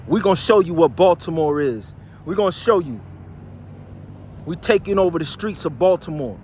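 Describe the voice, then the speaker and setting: A man's voice: fairly high pitch, expressive, normal speed, slight background noise. Boastful New man in his sixties. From New Jersey. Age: high school in 1975, so 60s. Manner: loud, boastful, shouting rhetorical questions. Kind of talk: street monologue.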